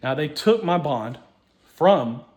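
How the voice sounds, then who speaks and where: A man telling a long personal story in a rambling, profane way, restarting and repeating himself, dropping to mutters and rising to loud outbursts. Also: a little high, expressive, takes it slowly. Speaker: show host.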